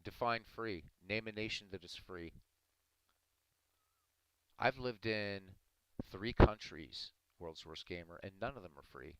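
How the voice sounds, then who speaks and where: Deep-voiced man arguing with his chat. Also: a little slow, long pauses, sharp tone, smooth, rough recording. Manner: earnest, argumentative, addressing chat by name. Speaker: livestream host talking to chat. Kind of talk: casual live-stream commentary.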